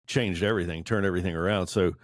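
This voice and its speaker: Brief: low-voiced man in his forties, earnest and candid, dry close recording, self-deprecating storyteller. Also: a little fast, creaky, no echo. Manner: earnest, self-deprecating, laughs while telling stories. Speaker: podcast panelist. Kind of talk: candid group discussion.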